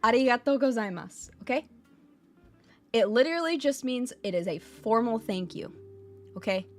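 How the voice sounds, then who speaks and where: A woman's voice: a little high, animated, normal speed, soft background music. A woman streaming a casual lesson, blunt and a bit profane, who repeats her points and keeps checking in with "okay?". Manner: repeats phrases for emphasis. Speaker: VTuber streamer teaching Japanese.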